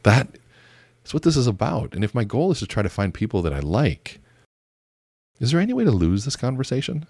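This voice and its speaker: A man teaching a method for conversation, telling lively stories and acting out both sides of his exchanges. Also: medium pitch, a little fast, long pauses, dry recording, studio quality. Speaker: communication coach. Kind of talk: teaching talk with acted-out examples.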